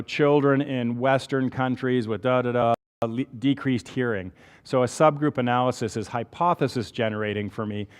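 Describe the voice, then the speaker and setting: Canadian guy giving a lecture, chatty, keeps going "right?", mid-pitched voice, long hall echo. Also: clear, resonant tone. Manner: explains step by step, asks rhetorical checks like "right?". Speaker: medical lecturer. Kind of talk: conversational lecture.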